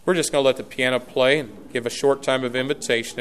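A man's voice: mid-range voice, steady tone, fast, faint music behind. A middle-aged man, preaching a folksy, earnest sermon in a church and closing in fervent prayer. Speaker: pastor. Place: church sanctuary.

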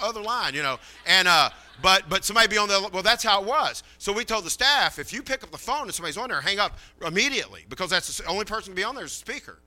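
A man's voice: on the high side, pushed and bright. A man preaching a sermon in a folksy, chatty way, telling a story and acting out the dialogue.

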